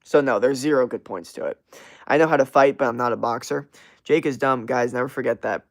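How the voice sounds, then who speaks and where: A young man hosting a livestream, chatting casually and reacting to viewer comments in a rambling, profane, animated way with lots of fillers. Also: mid-range voice, a little fast. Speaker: livestream host.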